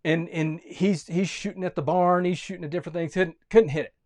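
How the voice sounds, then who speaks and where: Male pastor, fairly high voice, animated storyteller who restarts his sentences. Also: fairly quick. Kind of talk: sermon.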